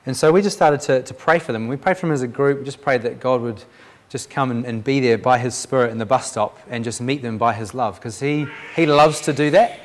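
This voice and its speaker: Animated man telling a faith story. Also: medium pitch, fairly quick. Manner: animated, acts out the voices in his story, frequent restarts. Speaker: Christian speaker sharing a testimony. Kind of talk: preaching testimony storytelling.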